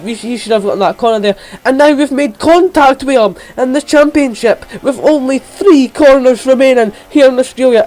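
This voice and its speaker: Male gamer, very high pitch, excitable race-style play-by-play. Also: poor audio. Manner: rapid, excitable, jumps in pitch at key moments. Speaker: gamer commentating his own racing game.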